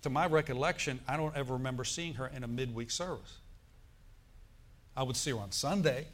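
A man's voice: mid-range voice, a little fast. A middle-aged male pastor preaching a sermon in a church, telling a story with emphatic bursts.

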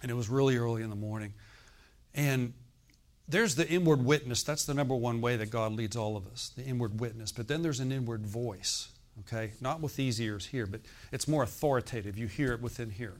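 Older man preaching, animated and dramatic. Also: a little fast. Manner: animated storytelling, acting out quoted dialogue with rising pitch and volume; drops into quiet, confiding asides. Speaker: pastor. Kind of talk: sermon. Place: church.

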